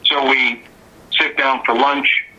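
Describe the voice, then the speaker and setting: A man, a musician guest, telling stories in a casual, animated interview. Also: mid-range voice, slow pace, highs cut off. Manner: animated anecdotal storyteller.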